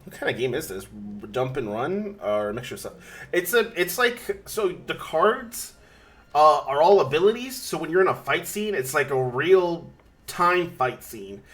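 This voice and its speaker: A man's voice: a little high, very animated, normal speed, fairly bright tone. A man streaming a video game, rambling and joking as he explains it. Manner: rambling, self-interrupting, jokey. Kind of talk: casual gaming commentary.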